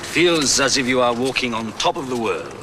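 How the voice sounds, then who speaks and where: Actor as a smooth French gentleman, animated and courteous; sitcom studio with audience noise. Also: mid-range voice, moderate pace, close to an everyday voice. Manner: suave, courteous. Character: charming handsome French man, middle-aged. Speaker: visiting family friend. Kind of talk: sitcom acting.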